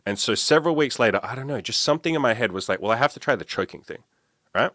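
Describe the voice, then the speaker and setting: A man's voice: mid-range voice, expressive, fast talker, a bit bright, dry recording, clean studio sound. A man on a podcast as a guest, telling a candid, profane personal story and acting out his own past thoughts. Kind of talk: casual storytelling.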